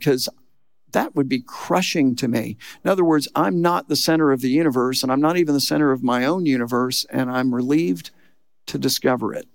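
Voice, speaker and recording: A middle-aged man preaching a lively, conversational sermon, acting out quotes as he goes. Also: mid-range voice, vocal fry, no room sound. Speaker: pastor.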